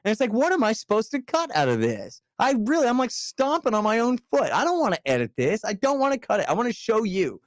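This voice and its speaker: A man in casual podcast chat as a guest author, talking in an animated, emphatic way with casual swearing. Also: very high voice, fast, few pauses, dry recording, clean studio sound.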